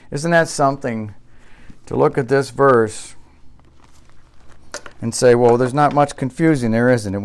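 The voice of this preaching pastor is clear and resonant, at a medium pitch. He leans on repeated key phrases, swinging from loud, emphatic exclamations to soft, reflective moments.

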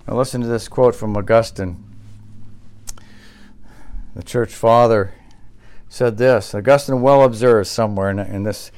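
A man preaching a sermon in earnest, building to loud, high passages and then dropping low and quiet, often restarting his phrases. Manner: repeats himself and restarts phrases. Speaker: pastor.

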